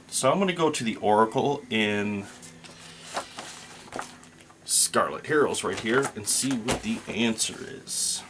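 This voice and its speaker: Slow, low-voiced man narrating a solo game. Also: animated, background noise. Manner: slow, thinking aloud while rolling dice. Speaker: solo tabletop game player.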